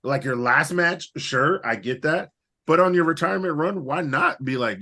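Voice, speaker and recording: Animated, cursing podcast co-host man. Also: on the high side, normal speed. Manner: animated, profane, rambling banter. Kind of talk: casual chat.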